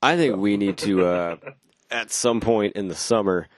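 A man co-hosting a podcast, tossing in quick joking reactions during casual chat. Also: fairly low pitch, dry recording. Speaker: podcast co-host.

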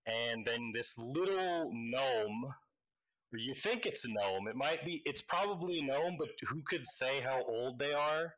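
Slow, halting man running a game. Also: medium pitch, lively intonation, fairly bright tone, rough recording. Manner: halting, full of fillers. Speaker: game master. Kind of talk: narrating a tabletop game.

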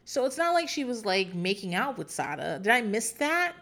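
A woman's voice: a little high, sing-song, moderate pace, a bit bright. A woman in casual talk, rambling and swearing freely as she recaps a show, with frequent laughs and filler words. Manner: profane, rambling, chatty, often laughing.

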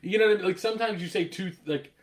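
Slightly high-voiced guy on a podcast, animated storyteller, swears a lot, laughs a lot. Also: rapid-fire. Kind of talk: casual chat.

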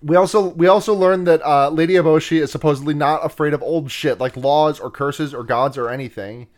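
A man's voice: on the high side, steady tone, a little fast. Giggly, rambling man. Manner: profane, giggly, rambling with restarts. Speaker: podcast host. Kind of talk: casual chat, retelling a film's plot.

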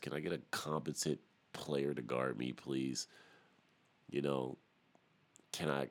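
Very deep-voiced man ranting on a podcast. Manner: profane, animated ranting with laughs. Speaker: podcast host. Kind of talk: casual solo podcast rant.

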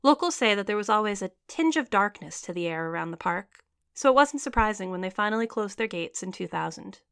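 A woman's voice: medium pitch, lively intonation, a little fast, gravelly, fairly bright tone, clean tone, no room sound, studio quality. A woman narrating a scripted story, reading evenly and voicing the characters' lines herself.

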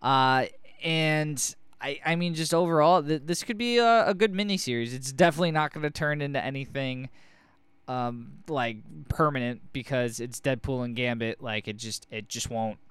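Male co-host, very clean crisp voice, loose and jokey, curses freely, dry close-mic sound. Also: mid-range voice, moderate pace, fairly bright tone, no echo. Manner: rambling, profane, jokey. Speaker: podcast co-host. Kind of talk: casual comic book review chat.

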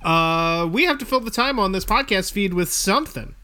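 A man co-hosting a podcast in casual chat, deadpan and joking. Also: sits high, normal speed. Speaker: podcast co-host.

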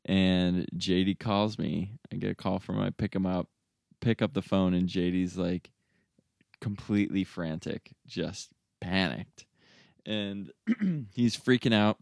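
A man's voice: a little slow, gravelly, dry recording, studio quality. A man in his thirties from the Midwestern US chatting casually and animatedly telling a story about a friend. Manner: animated storyteller, acts out friends' voices in high pitch. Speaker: storyteller in a chat. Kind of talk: casual chat.

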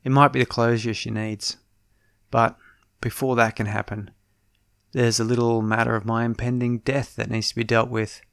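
A man tells a first-person story in a casual, wry, self-deprecating way. His voice sits at a middle pitch and the recording is dry and close. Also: flat delivery, normal speed, vocal fry, fairly bright tone, smooth, no room sound. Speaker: podcast storyteller.

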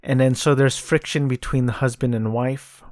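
A man's voice: mid-range voice, fairly even intonation, moderate pace, darkish tone, no room sound, studio quality. A man hosting a podcast, casually reviewing a film with frequent ums and restarts. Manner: hesitant, many ums and restarts. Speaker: podcast host.

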